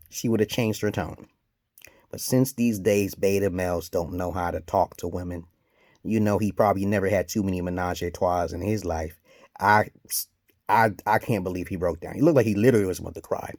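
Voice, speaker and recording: A man ranting in a commentary vlog, profane and heated, jumping from shouted outbursts to low mutters. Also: moderate pace, dry recording, studio quality. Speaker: vlogger giving dating advice.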